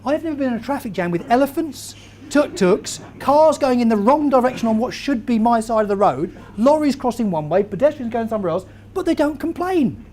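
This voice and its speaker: A man, giving a lively motivational talk to a live audience and quizzing the crowd as he tells stories. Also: very high-pitched, fairly quick, a little hiss or hum. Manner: animated storyteller, quizzes the crowd. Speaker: keynote speaker.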